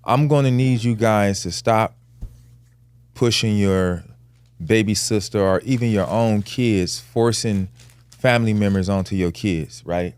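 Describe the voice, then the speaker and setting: A man's voice: lowish voice, a little slow, a little mellow, clean tone, no room sound. A man hosting a podcast, talking casually and growing emphatic and heated as he tells a story. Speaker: podcast host.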